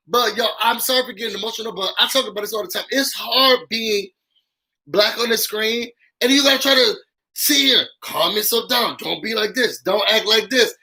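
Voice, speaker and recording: Speaking at normal speed in a high voice, the man hosts a casual YouTube live-stream with call-in commentary. He talks animatedly and straight to his audience, full of "um" and "y'all" fillers, in a rough recording.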